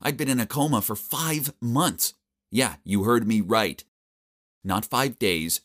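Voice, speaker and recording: A man narrating a first-person story in a wry, animated way. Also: medium pitch, slow.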